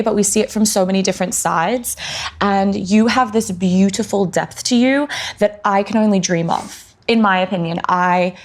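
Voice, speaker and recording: Woman yoga co-host, warm and gushy, laughs a lot, casual chat. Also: mid-range voice. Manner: gushing, warm, laughs easily. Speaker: podcast co-host; yoga teacher.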